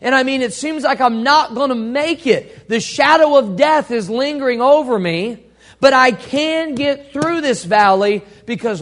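A male pastor preaching a sermon, leading the congregation in call-and-response and swinging between loud emphasis and hushed, slow phrases. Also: very high-pitched.

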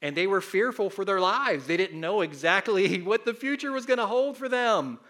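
A man in his fifties preaching a sermon as pastor, animated and leading the congregation in call-and-response. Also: high-pitched, normal speed.

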